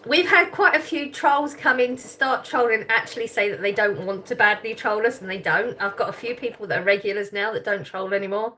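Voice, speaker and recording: A woman's voice: mid-range voice, a little fast, hardly any pauses, bright, forceful tone, slight background noise. A woman hosting a live chat stream, reading comments aloud and teasing people, with a lot of laughter. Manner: chatty, teasing, laughs often.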